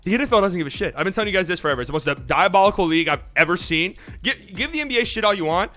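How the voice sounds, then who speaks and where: A man's voice: sits high, expressive, rapid-fire, sharp tone, faint music behind. A young man hosting a casual live sports talk show, ranting in a rambling, profane way. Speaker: sports podcast host.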